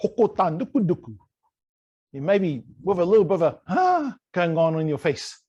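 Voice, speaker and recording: Brief: a male New language teacher, playful and a touch high-voiced, drilling words over a video call. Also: very animated, moderate pace, darkish tone, slightly rough, muffled recording. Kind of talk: online language lesson.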